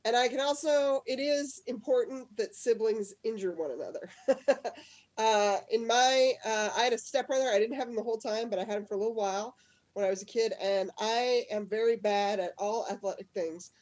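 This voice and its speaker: A fairly high-voiced woman hosts a live comedy storytelling show from a video call. She talks in quick, chatty bursts and laughs easily between lines. Her delivery stays loose and conversational. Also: a little mellow. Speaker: show host.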